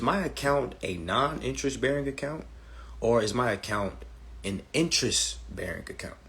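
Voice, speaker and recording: A man hosting a casual phone livestream, talking in a brash, profane, animated way and slipping into mocking voices. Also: medium pitch, moderate pace. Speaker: livestream host giving legal advice.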